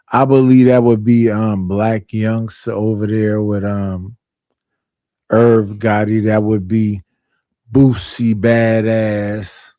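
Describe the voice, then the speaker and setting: A man hosting a stream, speaking slowly and deliberately with trailing phrases. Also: on the low side, mellow, no echo. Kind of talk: casual chat.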